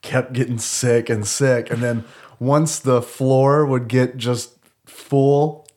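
Podcast host, male, hoarse with a sore throat, relaxed storyteller who laughs along; casual banter. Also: mid-range voice, slow pace. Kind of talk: casual chat.

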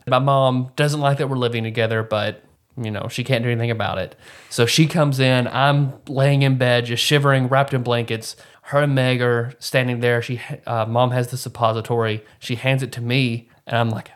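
Male podcast co-host, wry deadpan storyteller, chuckles at his own lines; casual banter. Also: mid-range voice, moderate pace. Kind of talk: casual chat.

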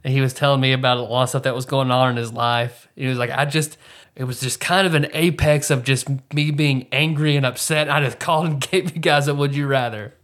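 A man's voice: medium pitch, fairly even intonation, a little fast, a bit bright. A man co-hosting a casual podcast, joking and laughing through banter with his co-host. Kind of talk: casual chat.

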